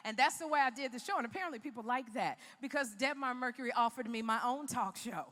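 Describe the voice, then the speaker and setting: A woman's voice: a little high, fast talker, a bit bright, long reverb tail. A woman from Chicago giving a motivational keynote speech in a large arena, telling her story in an emphatic, preacher-like way. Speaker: keynote speaker.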